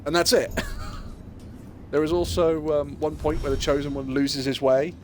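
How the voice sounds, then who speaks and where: A man's voice: fairly high pitch, fairly even intonation, moderate pace, a little hiss or hum. A man streaming a video game live, chatting playfully and rambling, often laughing. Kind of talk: live gameplay commentary. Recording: game music playing behind. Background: video game music.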